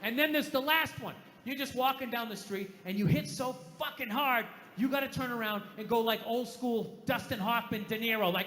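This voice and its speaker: A man doing a stand-up routine, ranting and swearing, dropping to a mutter and then bursting out loud. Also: very high voice, normal speed, hardly any pauses, a little hiss or hum. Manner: ranting, profane, swings from loud outbursts to muttering. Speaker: stand-up comedian. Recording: roomy hall reverb.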